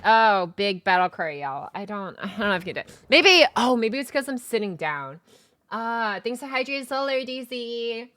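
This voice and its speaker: A woman streamer chatting casually with her viewers, bubbly, with sudden loud squeals when she greets people. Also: mid-range voice, animated, moderate pace. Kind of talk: casual live-stream chat.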